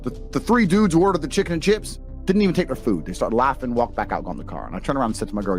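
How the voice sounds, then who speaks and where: A man's voice: medium pitch, expressive, rapid-fire, hardly any pauses, faint music behind. A middle-aged man with an English accent, a former fighter telling stories in casual chat, blunt and profane. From England. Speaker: podcast guest, former kickboxer.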